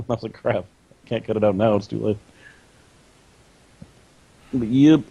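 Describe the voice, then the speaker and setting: A man's voice: fairly low pitch, a little slow, creaky, warm tone, husky, dull audio. A man co-hosting a gaming podcast in casual chat, laid-back and self-deprecating, laughing often. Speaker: podcast co-host.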